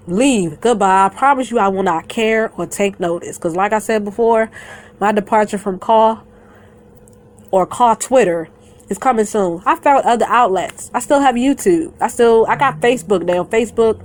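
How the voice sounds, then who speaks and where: A woman's voice: medium pitch, moderate pace, darkish tone. A woman vlogger in a blunt, profane rant who talks straight to her viewers, rambles and keeps swearing. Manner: blunt and defiant, swears constantly, breaks into laughter; rambling and conversational, addresses viewers directly. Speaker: YouTuber.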